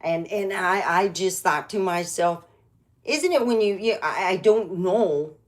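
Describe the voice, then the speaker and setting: A woman's voice: on the low side, measured pace. A middle-aged woman doing a rambling, meandering stand-up style comedy monologue, chatty and full of restarts.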